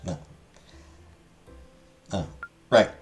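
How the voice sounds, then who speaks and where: A man's voice: extremely slow, faint music behind. A man giving casual gameplay commentary, rambling and stammering, swearing and mocking himself. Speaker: gaming streamer.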